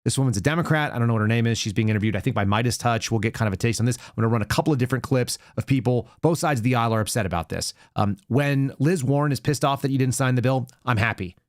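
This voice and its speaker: A man's voice: mid-range voice, racing, few pauses, no room sound, clean studio sound. A man hosting a political commentary show, ranting with sarcastic asides. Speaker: show host.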